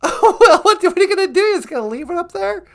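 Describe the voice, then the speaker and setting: A woman's voice: very high-pitched, animated, quick pace. A woman co-hosting a podcast in bubbly, playful casual chat, laughing often. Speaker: podcast co-host.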